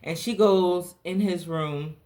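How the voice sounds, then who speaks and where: A young adult woman from the South Carolina Lowcountry, hosting a podcast and telling a personal story in a candid, animated way. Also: slow pace. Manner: animated, candid, dramatic pitch swings. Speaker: podcast host.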